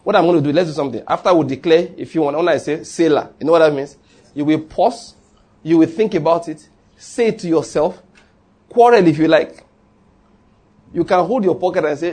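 A man's voice: on the high side, a little fast, darkish tone, husky. A man preaching a sermon in a church, humorous and conversational, leading the congregation in call-and-response. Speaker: pastor.

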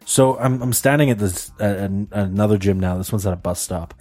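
A young man on a casual podcast, telling a story in an animated way and laughing often. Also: fairly quick. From Canada. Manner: animated storyteller, jumps high for quoted voices, laughs often. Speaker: podcast co-host.

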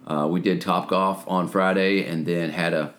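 A man in his late forties co-hosting a podcast. He chats in an easygoing way, and his voice is scratchy from shouting. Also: fairly even intonation, moderate pace. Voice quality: deep, scratchy. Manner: easygoing, laughs often. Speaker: podcast co-host. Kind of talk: casual podcast chat.

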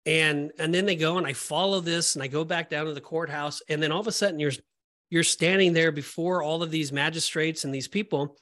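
Emotional man, higher voice, rambling. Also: steady tone, a little fast, a bit bright. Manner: rambling, emotional, many restarts. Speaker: podcast co-host. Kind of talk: casual Bible discussion.

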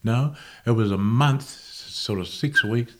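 A man, a guest musician, recalling his past in a casual interview with unhurried, halting, self-correcting speech. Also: medium pitch, background noise. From Australia.

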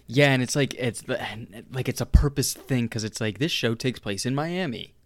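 A man's voice: mid-range voice, moderate pace. A man casually discussing movies on a podcast, laid-back and hedging his opinions.

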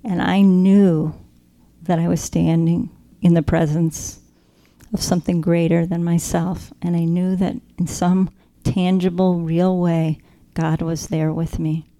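A woman sharing a personal faith testimony, earnest and reflective, slowing down to stress key moments. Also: on the low side, level tone, mellow. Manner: earnest, reflective, slows down for emphasis.

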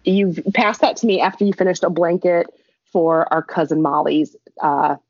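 A young woman chats her way through a long, rambling story, full of asides and quick laughs. Her voice is husky and a little breathy, and it comes through dry and slightly muffled on a lo-fi recording. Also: lowish voice, a little mellow, dry recording. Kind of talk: casual storytelling chat.

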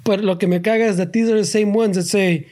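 A man's voice: sits high, fairly even intonation, quick pace, darkish tone. Emphatic man mixing Spanish. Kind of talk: casual chat.

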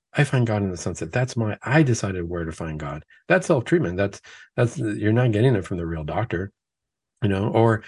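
Husky-voiced man, dry and close. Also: fairly low pitch, dry recording. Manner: acts out imagined excuses in a raised voice; builds points through repeated questions. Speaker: host of a Catholic talk show. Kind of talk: conversational faith talk.

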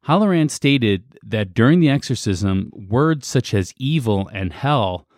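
A man's voice: medium pitch, lively intonation, unhurried, darkish tone, dry recording, clean studio sound. A man co-hosting a podcast, casually recounting a story with fillers and laughs. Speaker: podcast co-host.

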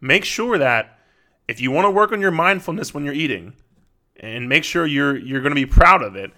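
A man's voice: a little high, expressive, moderate pace, bright, forceful tone. A man in his thirties hosting a podcast, talking through advice in a casual, conversational way, often repeating words and checking in with "right?". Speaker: podcast host.

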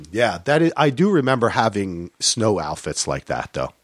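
A middle-aged man co-hosting a casual chat about a movie, telling lively stories and jumping into high voices when he quotes people. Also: measured pace, breathy edge, dry recording. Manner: animated storytelling, jumps to high voices when quoting. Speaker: podcast co-host. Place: lives in Portland, grew up in New Jersey.

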